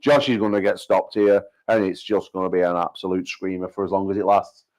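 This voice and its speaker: A British man, an arm wrestling promoter, hosting a casual livestream chat full of banter and quick joking asides, often repeating himself. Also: low-pitched, steady tone, a little mellow. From United Kingdom.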